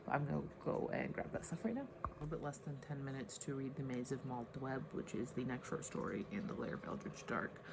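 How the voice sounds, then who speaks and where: Chatty low-voiced woman vlogging at home. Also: fairly quick, background noise. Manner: chatty, rambling, with fillers. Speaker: teacher and book vlogger. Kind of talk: casual reading vlog.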